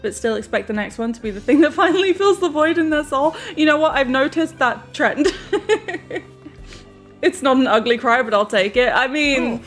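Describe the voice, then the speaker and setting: A woman's voice: sits high, expressive, normal speed, fairly bright tone, faint music behind. A woman streamer chatting live to viewers in a giggly, emotional way, often laughing through tears. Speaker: game streamer.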